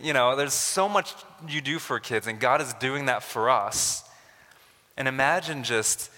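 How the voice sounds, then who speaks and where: A man's voice: mid-range voice, sharp tone, big-room sound. A man preaching a sermon as a pastor, talking conversationally and building to emphatic rises.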